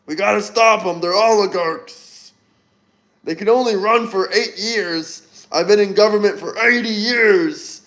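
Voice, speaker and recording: A man puts on an elderly politician in a preachy rant, hammering the same point again and again. The voice sits fairly high for a man. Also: a little slow, fairly bright tone. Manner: repetitive, preachy ranting. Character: impression of an elderly male politician ranting against oligarchs.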